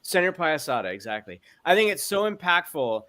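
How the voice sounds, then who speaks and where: A man's voice: a little high, big pitch swings, brisk, sharp tone. A man speaking as a guest in a casual panel chat over a video call, enthusiastic and rambling, full of fillers.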